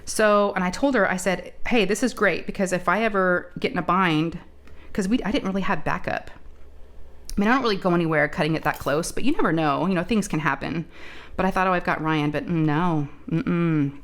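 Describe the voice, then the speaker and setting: Woman crafting host, kinda low voice, just chatting and telling a story, lots of asides and "you know"s. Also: brisk. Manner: chatty, animated retelling with many asides and fillers. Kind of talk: casual storytelling chat.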